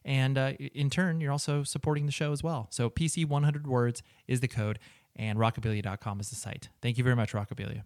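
A man's voice: medium pitch, steady tone, fast, a little mellow, no echo, clean studio sound. A man hosting a podcast who reads a sponsor ad and then asks long, hesitant, rambling questions. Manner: rambling, hesitant, many fillers when asking questions. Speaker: podcast host. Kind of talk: ad read and interview questions.

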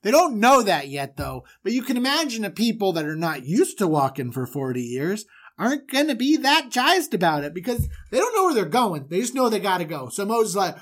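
A podcast co-host from Florida retelling a Bible story as a joke, casual and quick to laugh. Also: mid-range voice. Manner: animated, jokey, quick to laugh.

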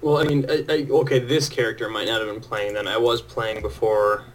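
A man's voice: medium pitch, fairly quick, low-quality recording. A man guesting on a friend's podcast in casual chat, swearing often and laughing easily. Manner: profane, laughing, excitable.

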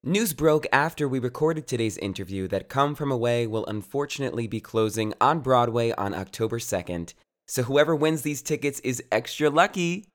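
A man's voice: medium pitch, animated, moderate pace. Bubbly male podcast host. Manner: bubbly, upbeat, playful. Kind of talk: podcast intro and chat.

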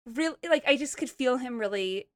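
A woman from Montana in casual chat, telling a dating story with animated, playful quoting. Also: sits high, a little fast, no room sound, studio quality. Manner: animated storytelling, quotes people in playful voices.

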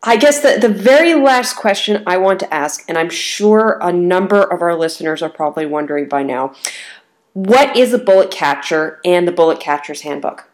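Chatty woman with a lowish voice. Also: animated, moderate pace. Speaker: podcast host. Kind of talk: casual interview.

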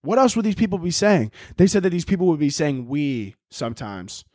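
High, animated man ranting profanely. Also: a little fast, no room sound, clean studio sound. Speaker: podcast host. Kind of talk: ranting comedic monologue.

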